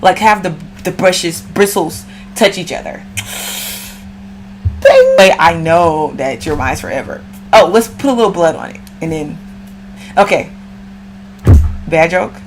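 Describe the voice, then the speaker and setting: A woman with a fairly low voice gives a casual astrology reading. She talks in a loose, slangy, chatty way and speaks straight to her listener, with a faint hum behind her. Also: very animated, unhurried, pauses often. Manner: slangy, chatty, addresses viewer directly. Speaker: astrology reader.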